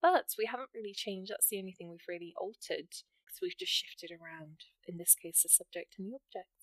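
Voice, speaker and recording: A woman's voice: mid-range voice, expressive, fairly quick, no echo. A woman teaching English writing for an exam, walking through example sentences step by step in an encouraging way. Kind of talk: explaining writing exam grammar.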